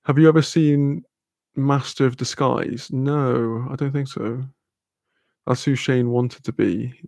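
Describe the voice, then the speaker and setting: A British man rambles through a casual live-stream chat, swearing freely and laughing often as he reads viewer comments. His voice has a gravelly fry and sits at an ordinary pitch. The sound is dry and close, with no room echo. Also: fairly even intonation, slow, a little mellow.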